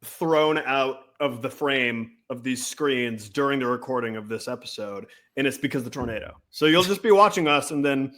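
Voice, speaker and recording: A man co-hosts a podcast and tells stories in a relaxed, wandering way. His voice sits at an ordinary middle pitch, and his delivery is easygoing and unhurried. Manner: rambling, laid-back storytelling. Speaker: podcast co-host. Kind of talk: casual chat.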